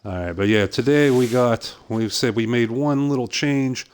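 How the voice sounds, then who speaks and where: A middle-aged man from Pittsburgh with a softened Pittsburgh accent, casually chatting with viewers while streaming a hunting game, full of "uh" fillers and easy laughs. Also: mid-range voice, normal speed, smooth. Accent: softened Pittsburgh American. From southwest Pennsylvania, USA. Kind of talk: casual live-stream commentary.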